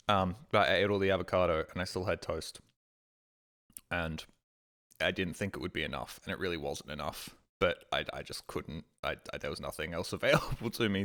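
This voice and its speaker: A man streaming a game, telling rambling everyday stories and acting out his own exasperated reactions in a sudden higher voice. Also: a bit bright. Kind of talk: casual stream chat, storytelling.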